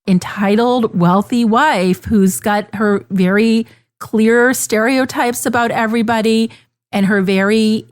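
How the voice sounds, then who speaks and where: A woman podcast host gushing enthusiastically in casual chat. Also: fairly high pitch. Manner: gushing, enthusiastic, mimics lines.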